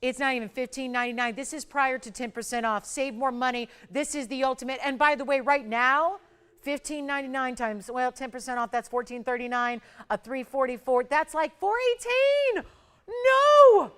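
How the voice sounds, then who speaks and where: Shopping-channel host, woman, higher-pitched clear smooth voice, pushy and excitable sales hype. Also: a little fast. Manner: urgent, excitable, building hype over prices.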